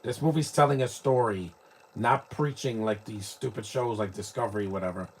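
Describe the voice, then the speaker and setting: Husky opinionated man. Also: lowish voice, normal speed. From New York, United States. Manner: rambling, opinionated, frequent restarts. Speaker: live movie commentator. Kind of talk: casual live watch-along commentary.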